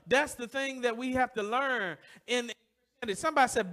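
With a very high-pitched, fairly bright voice and a brisk delivery, this pastor preaches with mounting emotion and repetition. He draws the congregation into call-and-response, having them complete his sentences.

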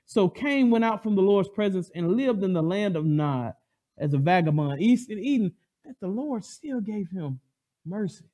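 A high-voiced man preaches with emphatic, animated delivery. He throws questions out to the congregation and answers them himself in call-and-response. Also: normal speed, muffled recording. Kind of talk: sermon.

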